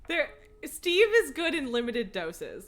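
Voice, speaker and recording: Brief: chatty young female game streamer, higher pitch, lively swoops, laughs easily. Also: takes it slowly. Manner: giggly, chatty, swears freely. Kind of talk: casual live-stream commentary.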